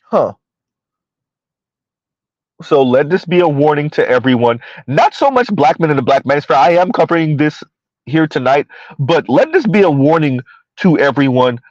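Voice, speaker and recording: A man's voice: on the high side, expressive, normal speed, long pauses, no echo, muffled recording. A man hosting a ranting commentary video, heated and repetitive, firing rhetorical questions at his viewers. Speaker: commentary channel host.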